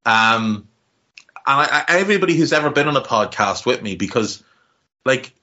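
A man's voice: medium pitch, animated, normal speed, pushed and bright, lo-fi sound. A man with a Navan accent from Ireland, hosting a casual podcast chat in a rambling, heartfelt way with casual swearing. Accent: Irish, Navan. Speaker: podcast host.

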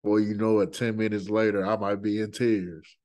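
A man's voice: fairly low pitch, flat delivery, moderate pace, darkish tone. A man hosting a podcast interview, talking in a laid-back, hesitant way with many fillers. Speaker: podcast host.

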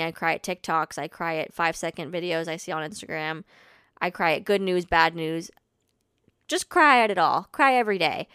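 A young woman hosts her own podcast and chats through a personal story in a loose, self-deprecating way, laughing at herself often. Her voice is smooth and clear at a middle pitch, and it sounds close and dry with no room around it. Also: a bit bright, no room sound. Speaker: podcast host. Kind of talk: casual solo storytelling. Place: home.

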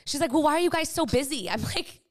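A woman's voice: sits high, fast talker. A woman in her thirties co-hosting a casual chat podcast, telling stories with lots of fillers. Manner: chatty, animated storytelling with many fillers. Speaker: podcast co-host.

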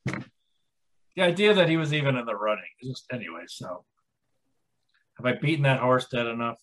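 A man's voice: medium pitch, expressive, normal speed, a bit bright, a little hiss or hum, low-quality recording. A man in his forties, co-hosting a podcast, tells a rambling story and laughs along the way. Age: 40s. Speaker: podcast co-host. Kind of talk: casual podcast chat.

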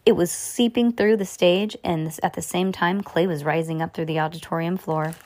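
A woman reading a children's chapter book aloud, stumbling and rereading as she goes, giving the characters lively voices. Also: fairly low pitch, moderate pace. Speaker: reader.

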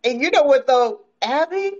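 A woman co-hosting a casual film podcast, chatty and quick to chime in with agreement. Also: sits high, lively intonation, lo-fi sound, crowd noise. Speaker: podcast co-host. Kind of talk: casual movie discussion.

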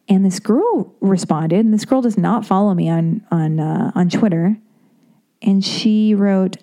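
A woman's voice: fairly low pitch, normal speed. A woman in her thirties talking in a casual, rambling monologue, stuttering and restarting as she gets worked up. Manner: rambling, animated, self-interrupting with restarts and stutters; quotes others in acted voices.

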